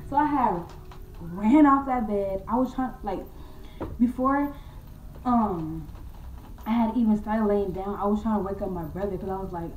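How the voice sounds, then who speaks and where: A young woman casually telling a true ghost story to her viewers, slangy and animated, calling them y'all and acting out her own scared voice. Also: mid-range voice, fairly quick, far from the mic, slight background noise. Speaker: vlogger. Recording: echoey room from off-mic.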